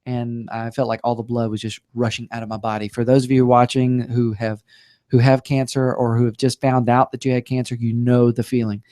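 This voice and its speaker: A man's voice: mid-range voice, flat delivery, fairly quick, warm tone, no echo, studio quality. A man guest on a talk show, telling a personal story with humor and playful acted-out quotes.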